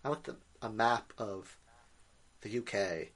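A man's voice: on the low side, unhurried, fairly bright tone. A man co-hosting a podcast in casual chat, joking and laughing often as he talks. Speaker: podcast co-host.

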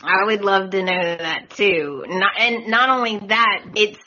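A woman's voice: medium pitch, measured pace, bright, forceful tone, lo-fi sound. A woman hosting a podcast, chatting casually with exasperated opinions. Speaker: podcast host. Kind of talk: casual recap chat.

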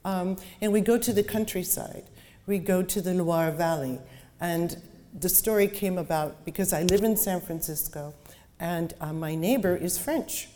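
Low, mellow-voiced woman author in a hall. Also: measured pace, slight background noise. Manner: chatty, with fillers and restarts when talking. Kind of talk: reading aloud then talking about her book. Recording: long hall reverb.

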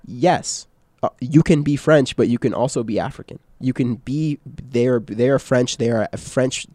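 A man's voice: mid-range voice, unhurried, dark tone, dry recording, clean studio sound. A man co-hosting a casual podcast chat, talking loosely with many fillers, restarts and tag questions. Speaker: podcast co-host.

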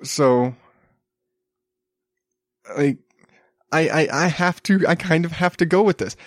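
A man's voice: fairly high pitch, slow pace, no echo. A man in his thirties, a podcast host talking casually about news stories, rambling with wry asides and chuckles, a little sick. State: slightly sick, coughing.

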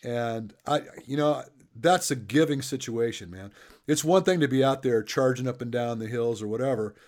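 A middle-aged man hosts an easygoing interview in a voice of ordinary pitch. He is chatty and drifts into his own stories, laughing along with his guest. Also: normal speed, darkish tone. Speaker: interviewer and coach. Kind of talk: casual interview chat.

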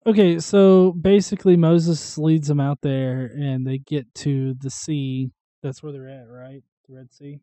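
A man co-hosting a casual podcast, asking questions and making crude jokes, sometimes bursting out loudly. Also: a little high, unhurried, few pauses, no room sound. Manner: jokey, crude, questioning, gets loud and animated. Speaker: podcast co-host. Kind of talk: casual irreverent chat.

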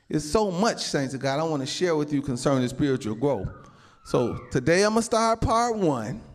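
A male pastor preaching a sermon to his congregation, peppering his talk with amens and calling out to the saints. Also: medium pitch. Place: church building with a congregation.

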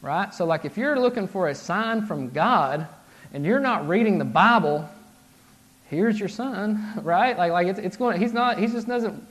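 A man in his thirties delivers a casual sermon in a fairly high voice. He talks loosely and conversationally, with restarts, filler words and frequent "right?" checks with his listeners. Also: animated, measured pace, a bit bright. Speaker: pastor.

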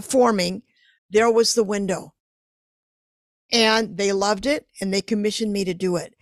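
Animated woman artist telling stories. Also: fairly high pitch, dry recording. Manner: animated storyteller, acts out her inner voice. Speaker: artist guest. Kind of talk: casual interview chat.

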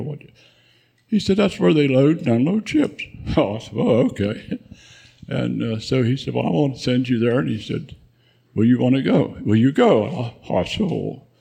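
A man's voice: medium pitch, gravelly, warm tone, slightly rough. A man in his nineties, a veteran guest, telling rambling war memories with frequent chuckles at a live event. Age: 90s. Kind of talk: spoken war memoir.

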